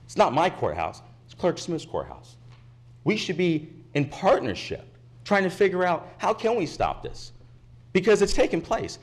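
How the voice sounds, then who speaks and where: A man's voice: high-pitched, wildly swooping pitch, normal speed, breathy edge. A man giving impassioned public comment at a county commission meeting, indignant and insistent, repeating his points at a podium microphone. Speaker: resident speaking at public comment.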